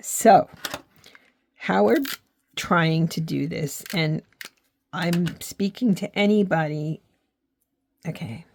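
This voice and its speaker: A woman's voice: lowish voice, takes it slowly, creaky, long pauses, darkish tone, slight background noise. A middle-aged woman from the United States chatting earnestly while she crafts, reflective and close to tears at times. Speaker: craft and faith vlogger. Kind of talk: casual heartfelt chat while crafting.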